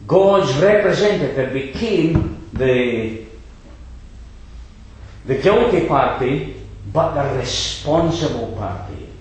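A preacher gives a sermon in a slightly high, lively voice that rises and falls, never rushing. He emphasizes his points and tosses short rhetorical asides to the listeners, all ringing with heavy echo in a church hall.

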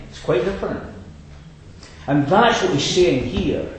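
A man's voice: medium pitch, sing-song, normal speed, very echoey, a little hiss or hum, low-quality recording. A man preaching a sermon, emphatic and fond of rhetorical asides to his congregation.

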